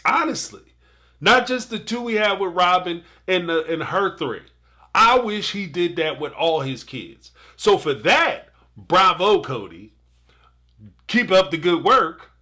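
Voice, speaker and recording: Male streamer, animated casual commentary, bright and slightly high. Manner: animated, talks to the audience directly, laughs often. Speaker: live show host. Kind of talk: casual commentary on a reality show.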